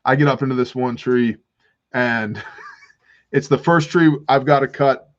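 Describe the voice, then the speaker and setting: A man hosting a livestream, telling an animated story and laughing often as he acts out the other people's voices. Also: medium pitch, measured pace. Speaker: prepper channel host. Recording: dull lo-fi livestream audio.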